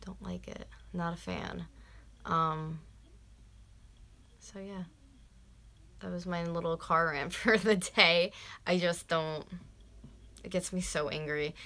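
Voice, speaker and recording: A woman's voice: fairly low pitch, steady tone, takes it slowly, long pauses, sharp tone. A woman in her twenties from North America, chatting casually on a live stream, ranting and swearing with lots of "like" and dropping to whispers at times. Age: 20s. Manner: ranting, swears freely, fillers like "like". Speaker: vlogger.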